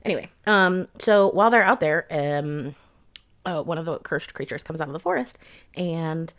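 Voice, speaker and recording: Woman, young adult, lower voice, casual rambling rant, sarcastic, cursing. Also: animated, moderate pace, a bit bright. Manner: rambling, sarcastic, swears freely. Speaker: book reviewer. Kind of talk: casual rant book review.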